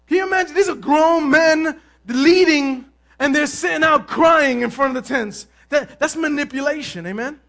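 A male pastor preaching a sermon, swinging from hushed asides to shouted emphasis and acting out other people's complaints. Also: extremely high pitch, normal speed, creaky. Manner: acts out complaining voices of others.

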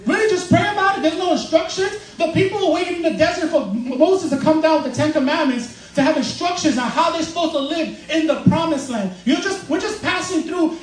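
A man preaching a sermon in a church, loose and joking, laughing through his points. His voice sits high and moves fast. The mic is set back, so the sound is roomy with faint noise behind. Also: recorded from a distance. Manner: casual, joking, laughs often while preaching. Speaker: pastor.

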